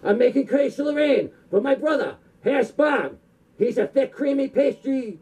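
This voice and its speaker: A man voicing a boastful male martial-arts villain from a badly dubbed kung fu film, bragging in slow, drawn-out lines. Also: extremely high pitch, expressive, darkish tone, breathy edge, voice pushed up, exaggerated voice. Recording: dull lo-fi recording.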